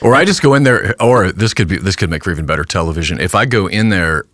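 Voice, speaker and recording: A man with a low-pitched voice chats casually on a podcast, telling a self-deprecating story. He restarts his sentences often. The sound is dry and close. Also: animated, fast talker, fairly bright tone, no echo. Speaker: pastor and podcast host. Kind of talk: casual chat.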